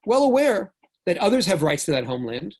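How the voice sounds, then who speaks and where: Older new york guy giving a talk, husky, jokey, gets loud then drops soft. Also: sits high, fairly quick. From United States. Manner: animated storyteller, jokey, swings between loud and soft. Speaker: speaker. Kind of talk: lecture talk.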